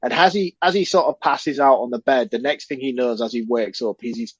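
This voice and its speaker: A man's voice: mid-range voice, a little fast, slightly rough, no echo, muffled recording. A man co-hosting a podcast, casually recapping a film scene by scene and acting out the characters' lines. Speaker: podcast co-host. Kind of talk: casual film review chat.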